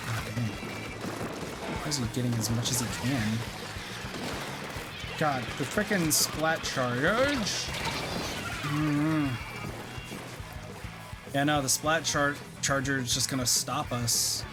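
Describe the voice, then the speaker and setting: A young man giving live gameplay commentary, excitable and swearing as he reacts out loud, over game music. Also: mid-range voice, unhurried, long pauses. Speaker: streamer.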